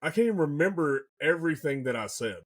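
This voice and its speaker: A young man, excitedly telling a hunting story in casual podcast chat, full of folksy slang. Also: a little high, fast talker.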